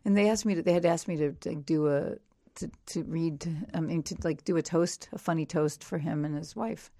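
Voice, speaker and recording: Low-pitched woman comic, swears a lot, restarts constantly, dry podcast sound. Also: moderate pace, no echo. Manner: profane, animated storyteller with frequent restarts. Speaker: comedian guest. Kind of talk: casual storytelling interview.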